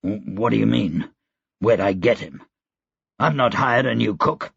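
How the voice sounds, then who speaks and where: Brief: gruff, low army commander, terse growl, raspy edge, read by a male narrator, dry dull recording. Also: a little slow, no echo, full character voice. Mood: alarmed. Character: gruff male field marshal, stern commander.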